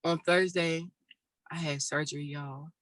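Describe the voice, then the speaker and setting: A podcast co-host telling stories in casual, profane chat, with a sore throat after surgery. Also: female voice, low voice, a little slow, no echo, low-quality recording. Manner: profane, animated storytelling.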